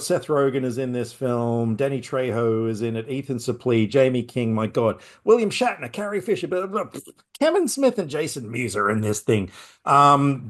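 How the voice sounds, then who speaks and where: A man hosting a film podcast, chatting casually and rambling with lots of asides. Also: medium pitch. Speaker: podcast host.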